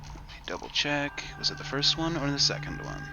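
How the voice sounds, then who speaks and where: A man narrating as game master of a tabletop game, easygoing and casual, with many pauses. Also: on the high side, animated, lo-fi sound, background noise. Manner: easygoing, casual, says "uh" often.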